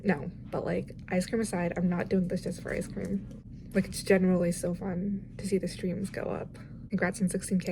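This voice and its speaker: A chatty young woman vlogging about her day, rambling easily and leaning on "like" every few words. Her voice sits at an ordinary middle pitch. A faint hum of background noise sits behind her. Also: gravelly. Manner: chatty, rambling, heavy use of "like". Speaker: vlogger and preschool music teacher. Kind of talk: casual vlog chat.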